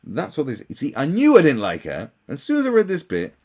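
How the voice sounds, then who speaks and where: A young man ranting sarcastically as a commentary host, swearing often and mocking others in shrill put-on voices. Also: huge pitch swings, fairly quick, darkish tone.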